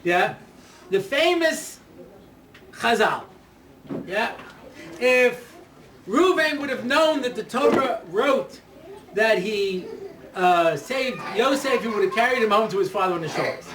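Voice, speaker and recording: A man with a high voice lectures in a loose, joking way, checking in with his listeners and chuckling at his own stories. He is recorded from a distance in an echoey room. A faint hiss sits under his voice. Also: animated, takes it slowly, long pauses. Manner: chatty, checks in with "yeah?" and "you know"; laughs at his own jokes. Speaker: speaker giving a Torah talk. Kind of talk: lecture with anecdotes and jokes. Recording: echoey room, mic far off, faint noise.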